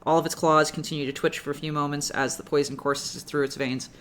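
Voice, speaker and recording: A game master with a middle-pitched voice narrates a tabletop game in a loose, casual way. The narration wanders and is full of fillers and restarts. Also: level tone, brisk, fairly bright tone, slight background noise.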